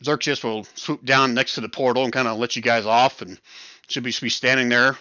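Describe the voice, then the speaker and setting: A man narrating a tabletop game as game master, relaxed and easygoing. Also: medium pitch, brisk, no echo, dull audio.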